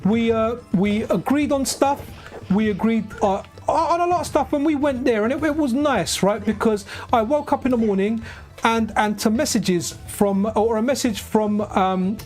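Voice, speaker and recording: A man with a light, high voice he calls feminine, rambling casually on a live stream while he plays, often asking "right?". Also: darkish tone. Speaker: game streamer. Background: faint game music.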